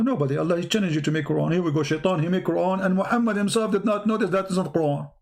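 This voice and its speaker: Brief: sarcastic male commentator, slightly high voice, halting phrasing, mocking tone. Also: gravelly, a little mellow. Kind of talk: polemical commentary monologue.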